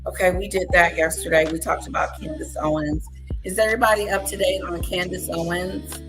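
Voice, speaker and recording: A woman's voice: on the low side, fairly even intonation, brisk, music in the background. A woman chatting casually and loosely to her viewers. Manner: loose, easygoing talk to viewers. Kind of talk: casual chat.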